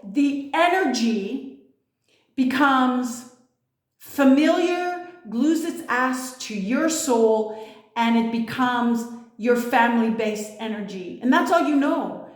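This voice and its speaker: A woman with a fairly high voice talks through a casual spiritual monologue. She is blunt and emphatic and swears freely. The room around her rings with echo. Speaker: spiritual vlogger. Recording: echoey room.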